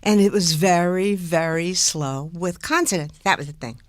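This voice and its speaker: An older woman, a guest impressionist, telling animated stories in an interview, laughing and demonstrating speech sounds. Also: fairly low pitch, moderate pace, dry recording. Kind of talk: anecdotal interview storytelling.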